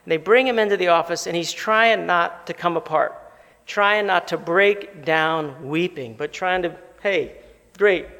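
A man preaching a sermon as pastor, animated, slowing down for emphasis and putting questions to the listeners. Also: sits high. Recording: long reverb of a large hall.

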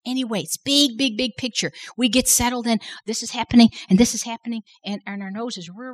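A woman's voice: on the high side, steady tone, a little fast, hardly any pauses, low-quality recording. Earnest middle-aged woman. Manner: earnest, repeats words for emphasis, many restarts. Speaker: women's conference workshop speaker. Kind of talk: faith testimony talk.

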